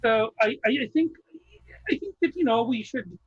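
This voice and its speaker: Man improviser, goofy accent work, very high voice, dull lo-fi call sound. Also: expressive, moderate pace, breathy edge. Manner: playful, silly put-on accents. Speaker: improv performer. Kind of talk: improvised comedy scene. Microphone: video call.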